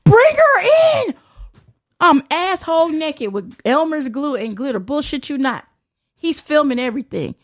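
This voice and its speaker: A young woman as a podcast guest, telling a story in casual, profane, animated fashion and acting out the voices of others. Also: high-pitched, moderate pace, no room sound.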